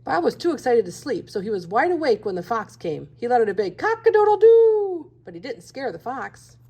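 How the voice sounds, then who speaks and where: A woman's voice: a little high, lively intonation, fairly quick, gravelly, darkish tone, breathy edge. A woman reading a children's picture book aloud, expressively, acting out the animal sounds. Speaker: storybook reader.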